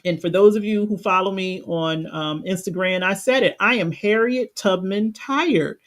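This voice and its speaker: A woman's voice: mid-range voice, normal speed. A woman life coach giving a motivational talk on a live stream, emphatic and passionate, repeating phrases for emphasis. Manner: passionate, preacher-like cadence.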